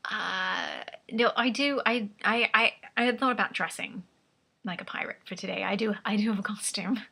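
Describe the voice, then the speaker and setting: A woman's voice: medium pitch, moderate pace, gravelly, pushed and bright, slightly rough. A woman vlogging in a rambling, chatty way, often laughing at herself, with a vaguely British put-on accent. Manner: rambling, chatty, self-amused with frequent laughs. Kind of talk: casual chat.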